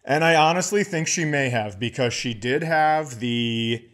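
A man's voice: medium pitch, unhurried, fairly bright tone. A man co-hosting a podcast, telling a casual comic story and acting out the people in it. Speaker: podcast co-host.

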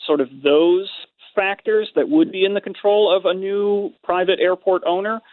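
A man on the phone explains survey results in a measured, hesitant way, pausing on fillers. His voice sits a little high for a man, and the line is thin and phone-like. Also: steady tone, dry recording. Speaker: polling guest. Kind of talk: radio interview over phone. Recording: tinny phone line, dry.

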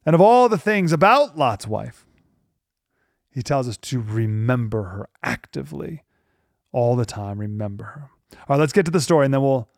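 A man hosting a radio show, giving an emphatic Bible teaching talk and slowing down on key phrases. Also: medium pitch, very animated, vocal fry, dry recording, clean studio sound.

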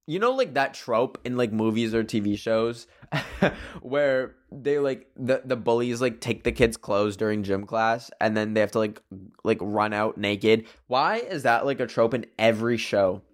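A man's voice: medium pitch, measured pace. A young man hosting his own show, chatting casually and rambling with lots of fillers. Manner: rambling, animated, heavy use of "like". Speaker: podcast host. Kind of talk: casual solo chat.

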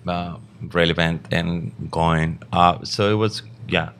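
Deep-voiced man chef, rambling casual talk. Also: takes it slowly. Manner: relaxed, rambling, many fillers and restarts. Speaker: chef guest. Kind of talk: casual interview chat.

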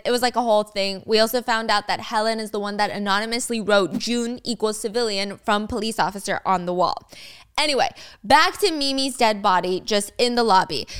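A woman's voice: medium pitch, clean tone. Chatty young woman recapping a drama. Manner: chatty, animated, with playful asides to viewers. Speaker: video host retelling a drama. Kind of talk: casual story recap.

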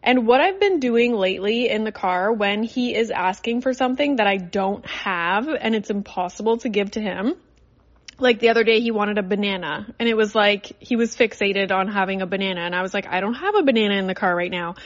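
A woman's voice: mid-range voice, brisk, muffled recording. A young adult woman from Canada hosting a podcast in a casual, chatty, rambling way with lots of fillers. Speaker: podcast host. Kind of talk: casual solo chat. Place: in a car.

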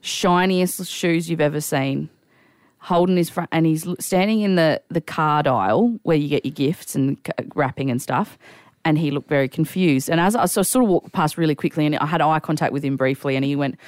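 A woman with a fairly low voice tells a story on a podcast, getting emotional and choked up as she goes. The sound is close and dry. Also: brisk, a little mellow, dry recording. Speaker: podcast co-host. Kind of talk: casual chat, storytelling.

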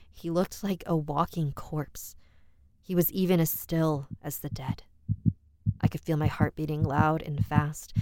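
A woman with a low voice narrates a horror story in a tense, measured way. The sound is dry and close, with no room around her. She also hosts the show. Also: no echo. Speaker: host and narrator.

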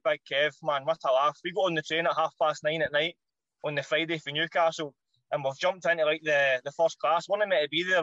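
A man with a Scottish accent, a former footballer telling stories as a podcast guest in an animated, slangy way, swearing freely. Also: fairly high pitch, no echo, lo-fi sound. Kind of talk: casual anecdote telling.

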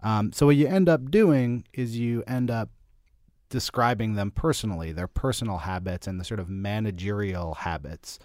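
Interview host, man, lowish voice, easygoing questioner, dry sound. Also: moderate pace, no echo. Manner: relaxed, conversational questioning. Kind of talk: casual interview conversation.

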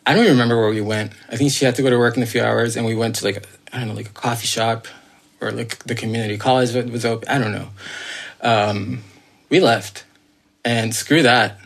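As a podcast guest, a man tells of his own strange encounter in loose, rambling storytelling full of fillers, restarts and earnest asides, sounding earnest and insistent. His medium-pitched, gravelly voice is fairly even in intonation and brisk.

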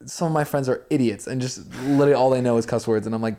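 A man's voice: medium pitch, fast talker, mellow. A young man co-hosting a podcast, chatting casually in a sleepy, laid-back way and rambling with many fillers. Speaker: podcast co-host. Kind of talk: casual chat.

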